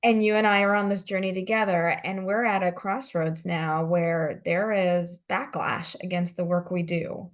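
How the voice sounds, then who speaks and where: A woman hosting an interview, asking thoughtful, measured questions. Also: fairly low pitch, fairly even intonation. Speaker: podcast host, interviewer.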